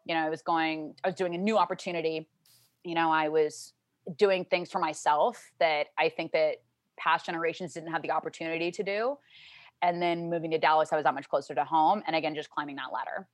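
A young woman from Louisiana, a guest in a casual interview, telling stories and acting out her family's lines in high, excited voices. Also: a little fast, no echo.

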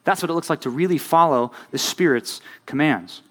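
Slightly high in pitch, this young man's voice moves fairly quickly. As a youth pastor, he preaches a chatty sermon to a youth group. Again and again, he checks in with his audience by asking "right?"

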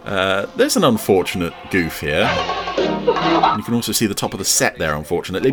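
A man's voice: deep voice, huge pitch swings, brisk, a bit bright, soft background music. A man hosting a podcast, giving chatty, enthusiastic commentary over an old TV episode. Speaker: podcast host.

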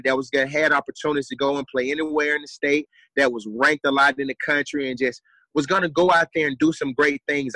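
A young adult man speaks as a podcast guest, earnest and driven, hammering home repeated phrases. His voice is bright and forceful at an ordinary pitch, recorded dry with no room sound. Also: no room sound, rough recording. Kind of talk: motivational storytelling.

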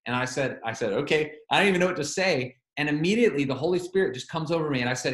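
A man's voice: on the high side, lively intonation, quick pace, few pauses, fairly bright tone, echoey room. A man preaching a sermon, telling a story with animation and quoting both sides of a phone call.

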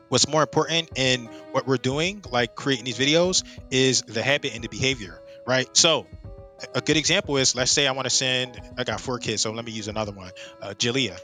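A man's voice: mid-range voice, sharp tone. A middle-aged man coaching real estate marketing in a casual presentation, often checking in with "right?".

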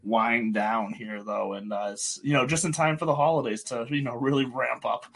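A man's voice: medium pitch, steady tone, normal speed, fairly bright tone. A man in his thirties hosting a casual golf podcast, talking in a rambling way with restarts and chuckles. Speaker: podcast host. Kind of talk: casual chat.

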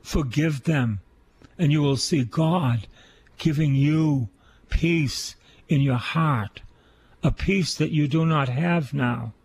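A man's voice: on the high side, slow pace, darkish tone, husky. A man, a priest, giving an earnest sermon on scripture and repeating key phrases for emphasis.

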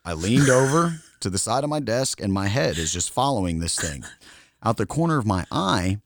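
A man with a very low voice tells a story casually on a podcast, laughing often as he goes. The recording is dry and close. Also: sing-song, moderate pace, no echo. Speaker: podcast co-host.

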